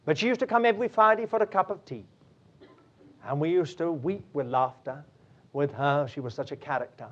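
A man's voice: fairly high pitch, brisk, a bit bright. A man preaching a sermon, drifting into chuckling anecdotes with many fillers. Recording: dull lo-fi recording.

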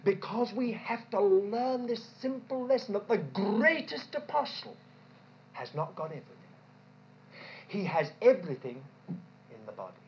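A woman preaching a sermon in an animated way, asking rhetorical questions and repeating points for emphasis. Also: medium pitch, unhurried, slight background noise. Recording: dull lo-fi recording.

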